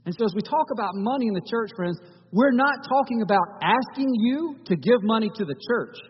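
A man's voice: high voice, expressive, a little fast, slightly rough, big-room sound, muffled recording. A male pastor giving a conversational sermon in a church, often restarting his phrases.

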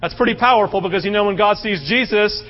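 A male pastor preaching with a high, lifted voice, swinging from animated storytelling to quiet, earnest appeals. The recording sounds dull and lo-fi, like a captured church sermon. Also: quick pace. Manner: animated storytelling, drops to soft earnest tones.

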